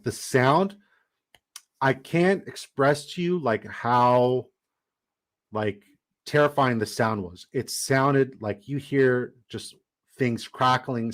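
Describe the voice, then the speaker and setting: A young man telling a story on his live stream in a casual, animated, rambling way, filling his talk with "like". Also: mid-range voice. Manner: animated, rambling, heavy use of "like".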